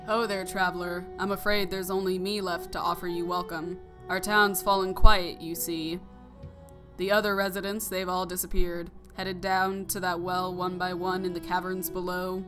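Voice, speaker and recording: A woman voicing a weary old male bug elder, reading his lines slowly and evenly. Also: on the low side, level tone, over music, natural voice.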